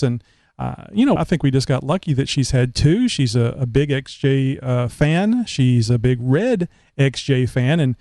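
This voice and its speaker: A man from Houston with a Southern Texas accent, hosting a casual interview show and halting through many fillers. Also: medium pitch, lively intonation, dark tone, no echo. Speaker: talk show host.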